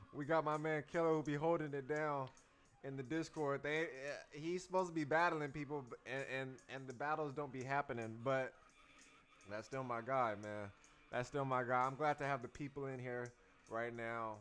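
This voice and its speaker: A man's voice: medium pitch, fairly even intonation, normal speed, fairly bright tone, smooth. A man hosting a casual livestream as a dance teacher, talking loosely in slang to his viewers and repeating his phrases.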